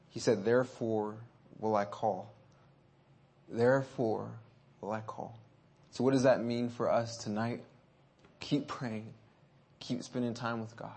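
A man preaching a sermon. He shifts between hushed and loud passages, urges his listeners on, and reads scripture slowly and deliberately. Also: mid-range voice, husky.

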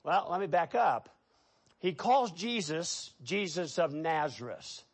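A middle-aged man preaching a sermon, telling stories with lively, animated delivery. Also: a little high, slow, slightly rough. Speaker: pastor.

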